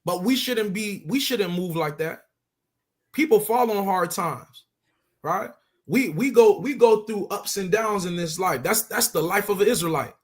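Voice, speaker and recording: A man's voice: high voice, a little slow. A man teaching scripture in a casual street style, emphatic and conversational, often repeating his points for stress. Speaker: religious teacher.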